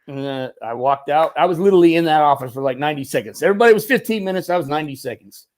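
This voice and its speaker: A middle-aged man, a former Marine, tells animated stories in a casual interview, laughing often and restarting his sentences. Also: a little high, quick pace, few pauses. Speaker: guest, former Marine turned film military advisor.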